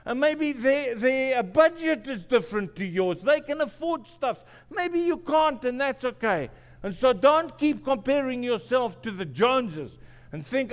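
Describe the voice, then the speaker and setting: In a church sanctuary, a male pastor preaches a sermon full of stories, self-deprecating humor and phrases repeated for emphasis. His voice is extremely high-pitched and very animated but unhurried, with a big-room sound.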